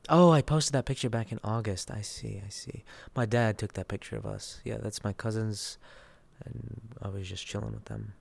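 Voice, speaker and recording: A man's voice: fairly low pitch, fairly even intonation, normal speed, gravelly, a little hiss or hum. Chatty young man hosting a voice chat. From Dallas, Texas. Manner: chatty, reads and answers listener messages. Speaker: voice chat host. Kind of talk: casual live chat.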